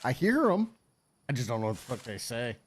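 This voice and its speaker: A man's voice: medium pitch, very animated, brisk, a little hiss or hum. Middle-aged man, streamer host, casual game-stream chat, profane, rambling, blunt.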